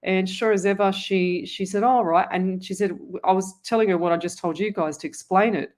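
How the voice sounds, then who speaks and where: A woman's voice: mid-range voice, steady tone, a little fast, a little mellow. A middle-aged woman, a psychic radio host telling a long personal story in a rambling, casual way with many restarts. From Australia.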